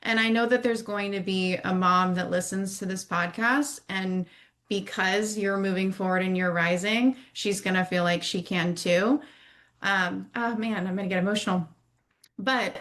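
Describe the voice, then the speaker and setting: A woman hosting a podcast interview, speaking in a measured, reflective way. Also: medium pitch, fairly even intonation, a bit bright. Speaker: podcast host.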